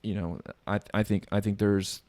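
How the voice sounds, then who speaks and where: Host: low-pitched man, Spanish first language, casual, stumbles and repeats words, dry close sound. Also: moderate pace, no room sound. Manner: stammering, repeats words, animated. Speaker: podcast host. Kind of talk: casual interview chat.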